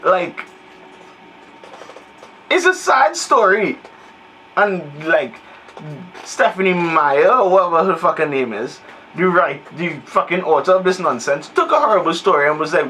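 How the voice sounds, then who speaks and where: High, bright-voiced ranting man. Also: animated, a little slow, pauses often, slight background noise, poor audio. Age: 30s. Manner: profane, exasperated ranting. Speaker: movie reviewer. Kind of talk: comedic movie review rant.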